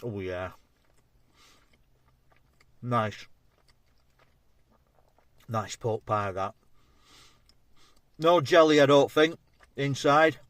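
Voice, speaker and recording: An English food vlogger with a medium-pitched voice chats casually while tasting and reviewing food, sounding matey and talking between bites. The recording is dry.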